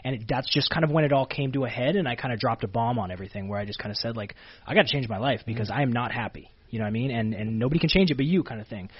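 A man's voice: medium pitch, racing, few pauses, breathy edge, dull audio. A man from Canada, a pro wrestler telling stories in a casual interview, full of fillers and restarts. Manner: animated storyteller, many fillers and restarts.

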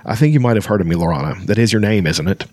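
Man reading a cool commanding warlord woman, calm, clipped, low and dry. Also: racing, no room sound. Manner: calm, clipped, matter-of-fact.

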